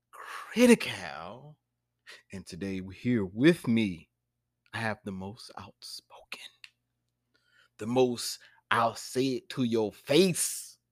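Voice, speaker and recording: A man hosting a casual podcast, talking in an animated way and laughing easily. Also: medium pitch, no room sound, studio quality. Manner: animated, flustered, quick to laugh. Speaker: podcast host.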